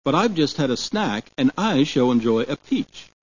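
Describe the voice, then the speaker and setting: A man's voice: mid-range voice, sing-song, normal speed, husky, highs cut off. A man voicing a greedy, self-satisfied woman chatting over lunch. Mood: airy.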